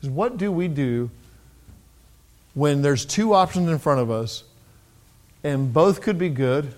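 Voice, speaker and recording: A middle-aged man giving a sermon with a fairly high voice. He talks in an easy, conversational way, starting some phrases over. When he reads scripture, he lifts his voice. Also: animated, darkish tone. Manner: conversational, pauses and restarts, reads scripture in raised voice. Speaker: pastor.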